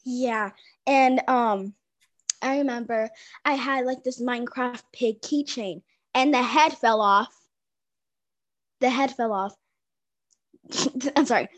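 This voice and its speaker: A woman's voice: a little high, slow, pauses often, no room sound. A young woman telling rambling school stories in casual chat, often breaking into giggles. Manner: giggly, rambling, many fillers.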